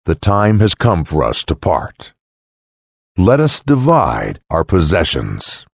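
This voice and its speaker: A man's voice: sits low, wildly swooping pitch, slow pace, creaky, breathy edge, no room sound, voice pushed down, heavily acted. A man voicing a cold, stubborn old hermit. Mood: insistent. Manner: cold, insistent. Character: stubborn, greedy older male hermit.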